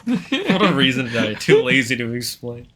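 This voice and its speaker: A man's voice: medium pitch, sing-song, normal speed, fairly bright tone, a little hiss or hum. A young man chatting casually during a game, laid-back, laughing and swearing freely. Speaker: co-player. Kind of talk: casual gaming chat.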